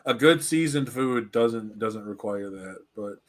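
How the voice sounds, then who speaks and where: A man's voice: on the low side, expressive, unhurried. A man co-hosting a podcast, chatting casually and laughing often as he tells a story. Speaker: podcast co-host. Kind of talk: casual chat.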